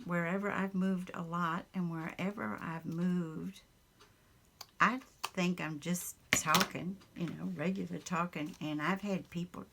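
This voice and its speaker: A Southern US woman talks slowly in a low, gravelly voice while she works on a craft project at home. She wanders from thought to thought, chuckling and stopping for ums along the way. It sounds like easy, casual chat from a home craft room. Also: fairly bright tone, slight background noise. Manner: rambling, chuckling, with many ums. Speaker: craft vlogger.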